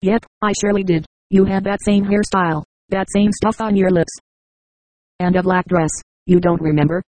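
A synthetic text-to-speech narrator voicing a nervous teenage boy who works as a secret agent, speaking in a hushed, chatty way. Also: medium pitch, steady tone, moderate pace, no room sound, close to an everyday voice, poor audio. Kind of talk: audiobook dialogue.

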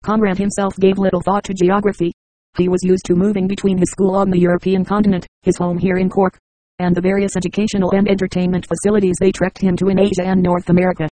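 A man reading a novel aloud as an audiobook narrator, in an even, measured way. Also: high voice, no room sound, rough recording. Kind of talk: scripted narration.

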